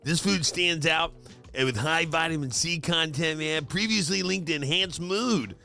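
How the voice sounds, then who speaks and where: A man doing a laid-back male hippie voice, slow and dreamy, closing his lines with "man". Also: a little high, creaky, sharp tone, faint music behind. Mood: mellow.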